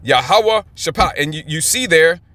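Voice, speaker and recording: A man's voice: on the high side, expressive, normal speed, pushed and bright, no room sound. A man teaching scripture in a fired-up, emphatic way, often checking in with his listeners. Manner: emphatic, keeps checking in with "okay?". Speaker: Bible teacher.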